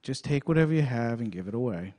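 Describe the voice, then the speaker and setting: A man's voice: medium pitch, expressive, dark tone. Easygoing American man chatting on radio. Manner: easygoing, quick to laugh, repeats words while starting. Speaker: radio show guest. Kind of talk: casual radio chat. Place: radio studio.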